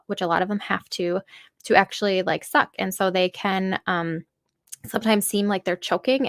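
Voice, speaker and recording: A woman's voice: mid-range voice, creaky, no room sound, clean studio sound. A woman in her thirties, a podcast guest, telling a personal story earnestly, full of fillers and acted-out quotes.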